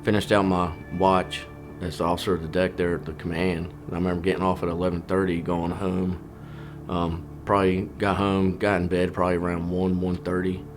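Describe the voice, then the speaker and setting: Very deep, flat-voiced man. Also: music in the background. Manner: halting, full of "you know" and restarts. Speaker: interviewee, Navy officer. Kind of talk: documentary interview.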